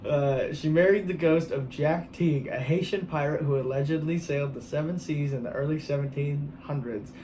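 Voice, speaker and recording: A man's voice: on the high side, normal speed, hardly any pauses, warm tone, a little hiss or hum, poor audio. A man hosting a casual comedy podcast, reading a news story aloud with jokey asides and frequent laughter. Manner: laughs often, reads stories with jokey asides. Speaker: podcast host.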